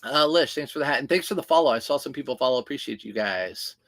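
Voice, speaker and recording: A man's voice: medium pitch, animated, fast talker, a bit bright. A man who resells clothing, hosting a casual livestream and chatting as he answers viewer comments.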